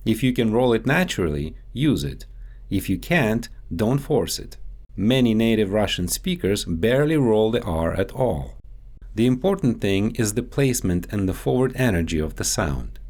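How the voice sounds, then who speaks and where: A man speaking as a dialect coach, giving a measured, explanatory scripted instructional voice-over. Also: fairly low pitch, a little mellow.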